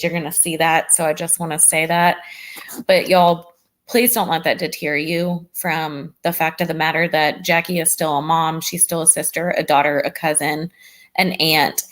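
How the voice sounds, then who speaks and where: A woman hosting a casual true crime livestream, chatting with viewers. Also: lowish voice. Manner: chatty, warm toward chat, says "y'all" often.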